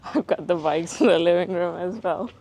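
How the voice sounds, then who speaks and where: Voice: medium pitch, moderate pace, darkish tone, slight background noise, poor audio. A vlogger chatting casually on a walking livestream, laughing often and reading chat aloud from a handheld phone outdoors. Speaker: live-streaming vlogger. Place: outdoors on city streets.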